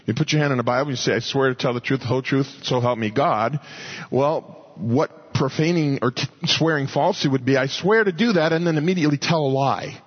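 A man with a slightly high, husky voice delivers a sermon like he's chatting with friends, folksy and easygoing. The recording sounds a little dull and lo-fi. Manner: folksy, conversational storytelling. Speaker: pastor.

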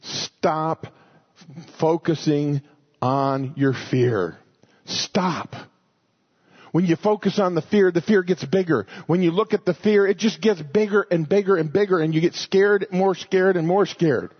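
A man's voice: high-pitched, normal speed, few pauses, slightly rough, muffled recording. A man preaching a sermon, emphatic and repeating short commands.

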